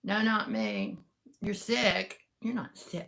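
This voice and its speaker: A woman's voice: medium pitch, sing-song, slow pace, vocal fry, a bit bright, a little hiss or hum. A middle-aged woman, chatting casually and rambling to live viewers, greeting them by name. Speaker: live-sale seller and vlogger.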